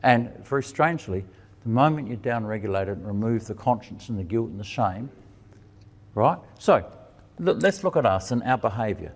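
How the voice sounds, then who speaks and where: Talky male preacher in a reverberant hall. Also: moderate pace. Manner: lively, asks and answers his own questions; acts out quoted dialogue with shifts in pitch. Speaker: preacher and teacher. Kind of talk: conversational sermon.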